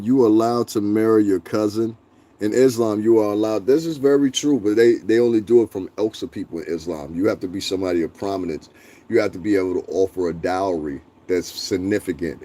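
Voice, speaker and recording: Hosting a livestream, a man with a deep voice speaks a little fast as he rants in a blunt, profane, animated manner and responds to his chat.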